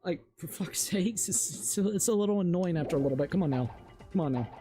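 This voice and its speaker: A man streaming a video game, ranting and swearing with stammering restarts, his voice climbing high when exasperated. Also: expressive, quick pace, dark tone, soft background music. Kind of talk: frustrated gameplay commentary.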